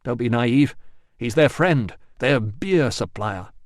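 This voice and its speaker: An army doctor issuing urgent, commanding demands, played by a male narrator. It stays near the narrator's own lively voice, recorded dry. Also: mid-range voice, slow pace, no echo.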